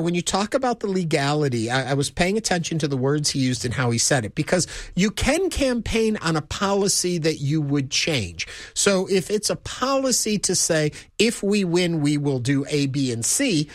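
A man's voice: on the high side, dry recording, studio quality. A man co-hosting a call-in talk radio show, thinking aloud and inviting listeners to call.

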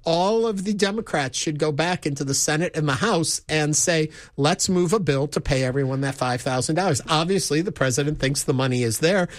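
A man's voice: a little high, no echo, clean studio sound. Man co-hosting a call-in radio show. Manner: conversational, takes listener calls, gives opinions. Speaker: radio talk show co-host. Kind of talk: call-in talk radio discussion.

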